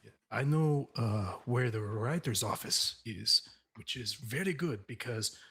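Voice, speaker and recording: Man, husky voice, playful tabletop player, quick and jokey. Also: medium pitch, lively intonation, a bit bright. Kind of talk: casual tabletop role-play.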